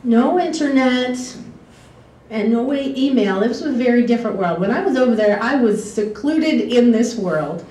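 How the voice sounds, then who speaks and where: A woman's voice: a little high, lively intonation, moderate pace, warm tone. A woman telling personal stories in a chatty way, wandering off on tangents and laughing often. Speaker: former exchange student telling stories. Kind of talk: casual storytelling talk. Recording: echoey room, distant mic, faint background hiss.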